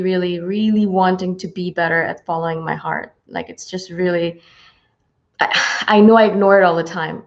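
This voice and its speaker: A woman hosting a spiritual channel, chatting casually and warmly with viewers on a livestream, full of fillers and excited asides. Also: mid-range voice. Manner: bubbly, greets viewers, many fillers. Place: home, from Houston. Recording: slightly dull lo-fi livestream audio.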